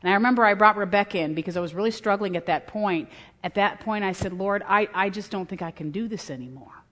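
A middle-aged woman giving a sermon to women, telling stories with earnest, lively emphasis and acting out quotes. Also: medium pitch, fast talker. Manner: earnest storytelling, voices quotes. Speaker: women's conference speaker. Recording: long hall reverb.

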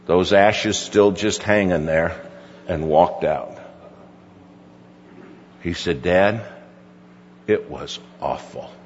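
A man's voice: on the low side, slight background noise. A middle-aged male pastor telling a folksy story in a sermon, quoting his son at length. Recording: dull recording with hall reverb.

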